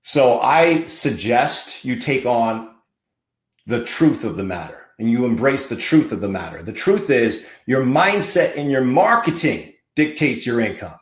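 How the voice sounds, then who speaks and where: A man's voice: mid-range voice, animated, measured pace, roomy sound. A man hosting a podcast, giving an emphatic, fired-up motivational monologue with punchy repetition. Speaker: podcast host.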